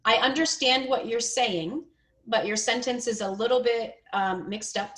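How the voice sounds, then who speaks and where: Upbeat woman English tutor, a touch high-pitched, with a bright voice; encouraging and quick to laugh. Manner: encouraging, laughs often, corrects gently. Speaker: English speaking teacher. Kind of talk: one-on-one pronunciation and grammar coaching.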